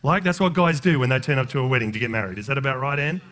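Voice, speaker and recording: This pastor's voice is expressive, rapid-fire and fairly bright. In his sermon he jokes directly with the congregation in a conversational way before climbing into impassioned, high-pitched preaching.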